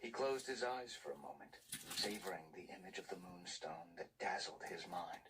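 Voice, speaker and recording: A man reading a novel aloud in a hushed, breathy whispered storytelling voice. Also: deep voice, lively intonation, normal speed. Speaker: narrator. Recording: distant mic with loud background noise.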